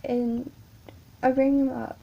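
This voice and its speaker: A woman narrating a first-person horror story in a halting, frightened way, stammering and often dropping to a whisper. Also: sits high, little pitch movement, creaky, lo-fi sound.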